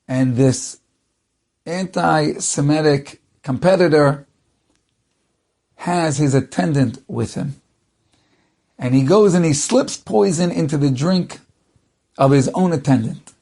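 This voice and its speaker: A man's voice: on the high side, a little mellow. A man, a rabbi, telling a story in a dramatic, varied way. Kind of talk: storytelling talk.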